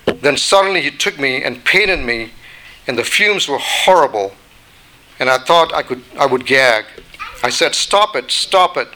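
Brief: man voicing a patient, long-suffering teacup in a storybook parable, bright clear tone. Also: medium pitch, animated, unhurried, low-quality recording. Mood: recounting. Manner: plain storytelling read-aloud delivery. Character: little china teacup, once ordinary clay, long-suffering.

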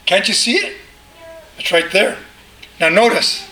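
Animated preacher with a bright, high voice. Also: male voice, a little slow, roomy sound, rough recording. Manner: conversational, animated, rhetorical questions. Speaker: pastor. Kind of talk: sermon.

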